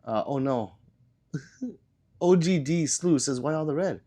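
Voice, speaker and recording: A man under the weather hosts a relaxed livestream and reads chat messages out loud one after another. His voice swings widely up and down. He coughs now and then and rambles through his answers with plenty of ums and uhs. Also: fairly high pitch, slow pace. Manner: loose and rambling, with many fillers and trailing answers. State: sick, coughing. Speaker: livestream host. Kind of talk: casual livestream chat, reading viewer comments aloud.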